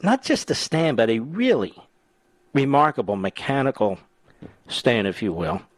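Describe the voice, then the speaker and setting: Talk radio host, man in his 60s, lively teasing delivery, dry studio sound. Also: mid-range voice, unhurried, no echo. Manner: animated, teasing, chatty. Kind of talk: talk radio chat and monologue. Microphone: studio mic.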